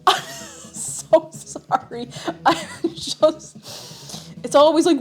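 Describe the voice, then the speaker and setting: A woman chatting away on a live stream while she bakes, her voice swooping up and down constantly. She's self-mocking and quick to giggle, and she keeps stumbling into flustered apologies. A little music plays quietly in the background. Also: on the high side, expressive. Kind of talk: casual live-stream chat while baking.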